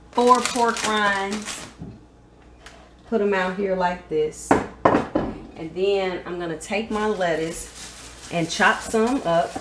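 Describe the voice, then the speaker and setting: A woman's voice: fairly low pitch, background noise. A woman hosting a casual home cooking demonstration, chatting straight to her viewers as she works at the stove. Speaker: home cook host. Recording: echoey kitchen with frying sizzle.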